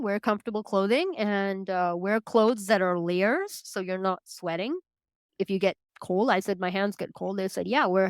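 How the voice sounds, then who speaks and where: A Canadian woman in her forties, a podcast guest telling her story casually, chatty and quick to laugh. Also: medium pitch, smooth, no echo, clean studio sound. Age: 40s. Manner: chatty, laughs often, acts out quoted lines in a lifted voice.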